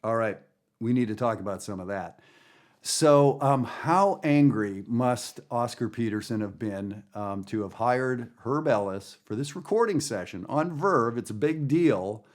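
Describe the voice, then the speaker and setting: A man's voice: medium pitch, animated, a little slow. A man teaching jazz in a guided listening lesson, talking in an enthusiastic, chatty way with many fillers. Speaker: jazz educator.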